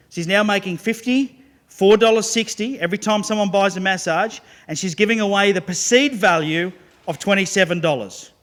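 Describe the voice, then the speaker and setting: A man with a fairly high-pitched voice gives a business talk to a live audience. He is lively and joking and keeps pulling the listeners into the story. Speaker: business speaker.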